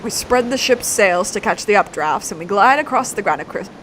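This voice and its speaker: A woman voicing a gruff middle-aged male ship captain with rough, boastful sailor talk. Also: mid-range voice, lively intonation, brisk, fairly bright tone, slight background noise, lightly acted.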